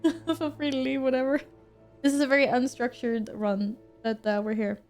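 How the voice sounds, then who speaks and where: A woman's voice: sits high, level tone, normal speed, darkish tone, faint music behind. A woman streamer chatting casually while she plays a game, reading out and answering her chat and laughing often.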